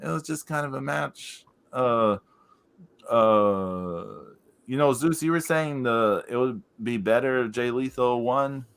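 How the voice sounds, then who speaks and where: A man's voice: medium pitch, takes it slowly, gravelly, a bit bright, clear, resonant tone. A man co-hosting a podcast in casual chat, rambling with lots of fillers and laughing as he recounts things. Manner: amused, laughs while recounting. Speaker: podcast co-host.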